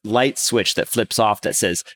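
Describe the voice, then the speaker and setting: A man's voice: fairly low pitch, measured pace, fairly bright tone, dry recording. An American man chatting casually and playfully, laughing often as he talks. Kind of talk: casual chat.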